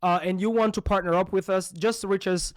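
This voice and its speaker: Male podcast host, high bright voice, dry close sound, hype-style delivery. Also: fairly even intonation, fairly quick, no echo. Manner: hype-driven, repeated "boom" catchphrase. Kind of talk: energetic podcast chat.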